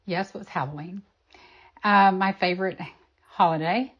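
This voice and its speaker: A woman being interviewed, telling a personal story in an animated, emphatic way. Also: medium pitch, normal speed, highs cut off. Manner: animated, emphatic, acts out quoted voices.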